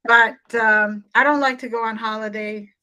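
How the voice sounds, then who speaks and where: A woman's voice: a little high, steady tone, pushed and bright. A woman co-hosting a casual chat, easygoing and giggly, who keeps the talk moving. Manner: easygoing, giggly, quick encouraging listener.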